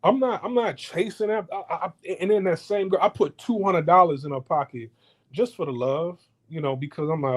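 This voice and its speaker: A man's voice: a little high, fairly quick. A man ranting in a casual, heated monologue, swearing often and stumbling over repeated words. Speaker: podcast host. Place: home in Houston.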